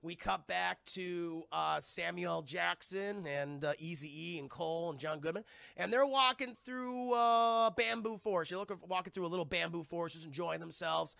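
A man streaming live, recapping a film casually, profane and excitable, and talking to his chat throughout. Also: high voice, normal speed, creaky, no room sound.

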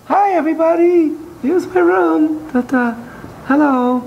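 A man voicing cheerful little toy dolls that greet everyone in a high, playful, sing-song way. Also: measured pace, creaky, dull audio, heavily acted.

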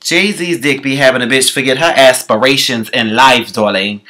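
A man delivering a sassy, profane comic rant, calling the listener "girl" and swooping his pitch around wildly. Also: normal speed, pushed and bright. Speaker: comedian.

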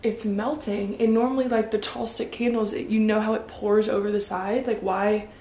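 A young woman in her twenties chatting casually to camera at home in a vlog, excitable and full of fillers. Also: medium pitch, normal speed, echoey room, slight background noise. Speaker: vlogger. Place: home living room.

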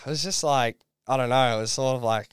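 A man's voice: mid-range voice, fairly quick, clear, resonant tone, dry recording. A young Australian man telling a story as a podcast guest, laid-back and full of "like"s. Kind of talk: casual chat.

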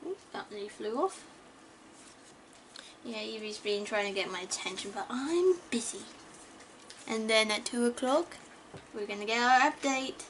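With a fairly high voice, a woman talks through opening trading card packs for YouTube at a measured pace, pausing often. She's chatty, stumbles over names and gasps at strong pulls, and the audio has a slight hiss or hum.

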